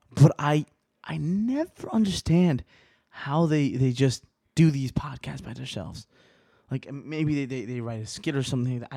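Young male solo podcaster, twenties, rambling and profane, moody swings from hushed to riled up, dry room. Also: medium pitch, dry recording. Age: 20s. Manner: profane, rambling, restarts often; swings between quiet musing and riled-up rants.

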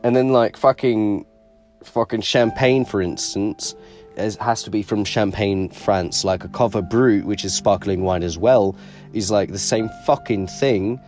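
A man's voice: fairly low pitch, a little slow, a little mellow, soft background music. A man co-hosting a podcast in casual chat, rambling and swearing a lot while putting on a British accent. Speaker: podcast co-host.

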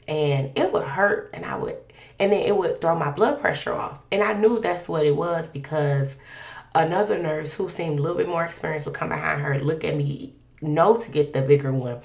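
Low gravelly woman telling her story. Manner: animated, acts out quoted dialogue in a raised voice. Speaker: guest sharing a testimony. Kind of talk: casual personal storytelling. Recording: echoey room.

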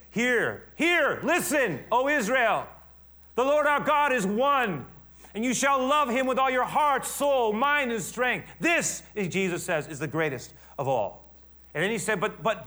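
A middle-aged man preaching with a voice of ordinary middle pitch. He explains quietly, then builds to loud, emphatic passages, and keeps the tone of a sermon throughout.

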